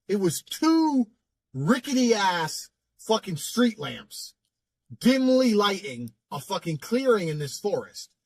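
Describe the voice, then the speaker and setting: A brash man in his thirties tells a profane story in a blunt, swaggering manner. His voice is husky and sits a little high for a man, with big swings in pitch. The sound is dry and close, with no echo. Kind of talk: profane anecdote telling.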